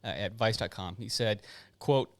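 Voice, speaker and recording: A man co-hosting a podcast, chatting and joking loosely and reading article quotes haltingly with fillers. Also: lowish voice, vocal fry, no room sound. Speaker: podcast co-host. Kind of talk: casual chat, reading articles aloud.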